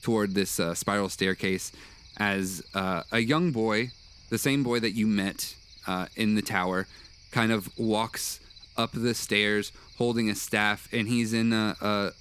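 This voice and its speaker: A man narrating as game master of a tabletop game, pausing often with fillers. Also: lowish voice, a bit bright, a little hiss or hum. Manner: hesitant, many uh fillers.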